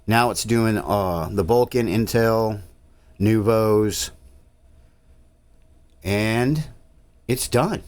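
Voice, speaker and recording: A man with a drawl narrates a screen-recorded tutorial in a low voice. He rambles easily, with frequent filler sounds, in a casual, friendly walkthrough manner. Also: extremely slow, pauses often, a little mellow, clear, resonant tone. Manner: easygoing, rambling, with filler uhs. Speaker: tech channel host.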